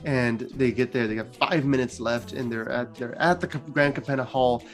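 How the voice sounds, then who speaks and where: A male channel host retells a story casually, chatty and loose and full of filler words, speaking at normal speed. His pitch is middling, and light guitar music plays faintly underneath.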